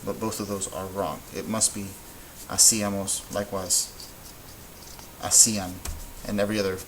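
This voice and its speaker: A Spanish teacher with a fairly low, level-toned voice leads a patient whiteboard lesson. He moves through each step slowly and sometimes stops to correct himself, while a faint hum of noise lingers underneath.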